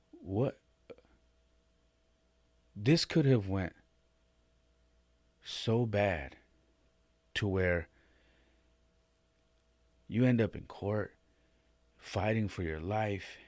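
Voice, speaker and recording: Deep-voiced man telling a story, dry mic. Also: very slow, long pauses, no echo. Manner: rambling, many restarts and "man", rising and louder when emotional. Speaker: podcast host. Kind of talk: casual storytelling monologue.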